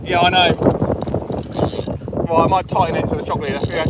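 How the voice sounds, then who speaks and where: A young man fishing from a boat, talking his viewers through the catch and breaking into excited shouts. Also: on the high side, fairly quick. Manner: talks to viewers while fighting a fish, bursts into excited shouts. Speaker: angler vlogger. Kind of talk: live fishing commentary to camera. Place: outdoors on a small boat at sea. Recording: loud wind and boat noise.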